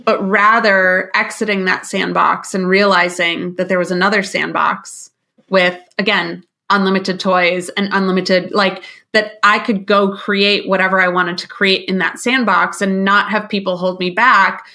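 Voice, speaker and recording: A woman business coach talks as a guest on a podcast. Her voice is bright and forward, and her delivery is candid and loosely rambling, with a swear word here and there. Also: mid-range voice, fairly even intonation, a little slow. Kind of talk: casual interview talk.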